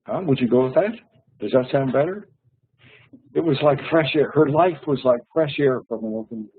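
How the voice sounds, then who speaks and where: Over a tinny, phone-like online call, a man gives a patient, friendly English lesson and frequently repeats his words. His animated voice is medium-pitched with a breathy edge and runs a little fast.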